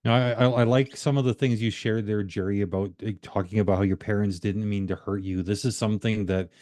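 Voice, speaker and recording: A man who works as a life coach, calmly explaining his view in a measured, conversational way. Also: fairly low pitch, no echo, studio quality. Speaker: life coach and podcast host. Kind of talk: conversational reflection.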